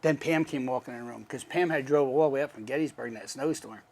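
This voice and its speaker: A man's voice: mid-range voice, quick pace, slightly rough. A man casually telling a personal story, acting out the voices of the people in it. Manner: animated, acts out quoted dialogue. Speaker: guest.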